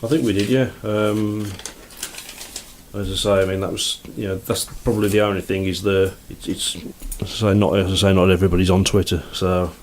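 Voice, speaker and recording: Deep, fast male co-host, hesitant, faint noise behind. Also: flat delivery, a little mellow. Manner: hesitant, filler-heavy. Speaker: podcast co-host. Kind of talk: casual chat.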